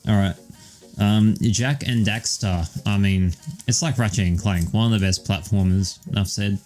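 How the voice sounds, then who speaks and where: Laid-back man, low voice. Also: fairly even intonation, normal speed, darkish tone, soft background music. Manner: rambling and profane, with many ums and "all right"s. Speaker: podcast co-host. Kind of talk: casual chat.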